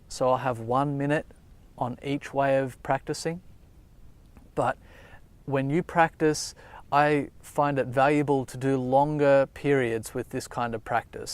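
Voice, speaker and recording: A man calmly explaining a meditation technique, talking gently and reflectively at an unhurried pace. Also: medium pitch, clear, resonant tone. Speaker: meditation teacher. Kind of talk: calm spoken meditation guidance. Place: outdoors.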